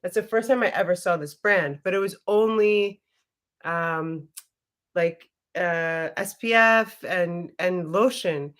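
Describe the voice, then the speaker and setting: A woman's voice: lowish voice, slow, a bit bright. A woman hosting a casual livestream, chatty and giggly, who swears freely and talks straight to her viewers. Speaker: livestream host.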